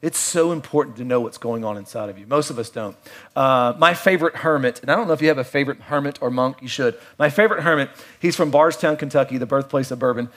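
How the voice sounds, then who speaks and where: A middle-aged man preaching a sermon in a conversational way, with playful asides and quiet, reflective stretches. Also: medium pitch, quick pace. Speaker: pastor.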